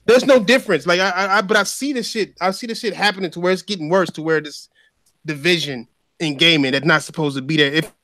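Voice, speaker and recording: A man hosting a casual podcast chat, animated and slangy, repeating himself as he talks. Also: high-pitched, quick pace, dry recording. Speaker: podcast host.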